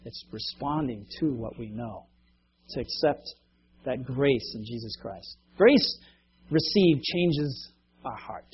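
A man's voice: medium pitch, animated, takes it slowly, a little hiss or hum. A man preaching a conversational sermon as pastor, telling stories and acting out the people in them. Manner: conversational, acts out quoted voices, laughs at himself. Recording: dull lo-fi recording.

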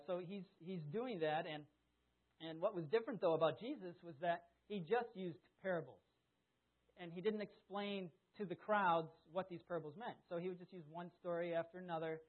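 Male pastor, animated storyteller, somewhat high voice, thin lo-fi sound. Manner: conversational, animated storytelling with acted-out screams. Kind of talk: sermon with storytelling. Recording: tinny phone-like lo-fi sound.

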